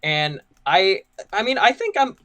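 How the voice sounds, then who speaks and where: A man's voice: sits high, expressive, measured pace, pushed and bright. A young man casually telling a work story on a gaming podcast, rambling and full of "like" and "you know". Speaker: podcast co-host.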